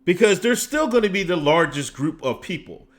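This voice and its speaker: Animated man ranting on a stream. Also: high voice, moderate pace. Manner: rambling, goes off on tangents, restarts sentences. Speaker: host. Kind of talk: casual political commentary stream.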